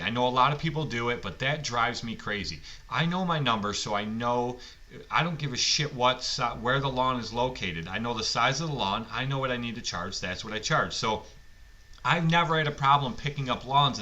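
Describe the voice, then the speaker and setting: Blunt man, bright lo-fi podcast voice. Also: medium pitch. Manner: blunt, profane, rambling. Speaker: lawn care business owner. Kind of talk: casual storytelling podcast monologue. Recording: muffled lo-fi recording.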